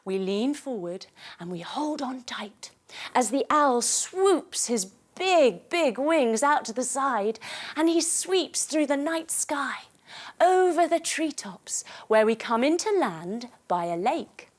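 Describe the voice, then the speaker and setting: A woman's voice: on the high side, lively intonation, takes it slowly. Playful, lilting woman leading kids' yoga. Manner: gentle, playful, coaxing instructions. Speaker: kids yoga teacher. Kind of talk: storytelling yoga lesson for children.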